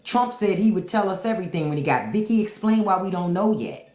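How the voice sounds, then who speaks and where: Speaking fairly quickly in a dark, expressive, mid-range voice, a woman runs a livestream full of unfiltered commentary. She uses AAVE, stays blunt and taunting, and keeps repeating her question to commenters, with a roomy echo on the mic.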